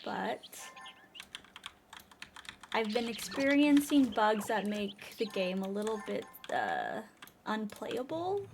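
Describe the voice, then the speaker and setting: A woman's voice: medium pitch, a little hiss or hum. A young woman hosting a casual livestream from home on a desk microphone, chatty and giggly as she answers her chat. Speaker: livestream host.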